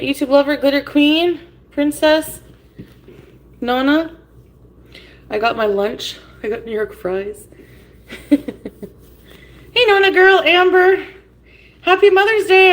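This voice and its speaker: High-voiced woman ranting on a livestream. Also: fairly bright tone. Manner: blunt, cursing, confrontational. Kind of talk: livestream rant reading chat. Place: home.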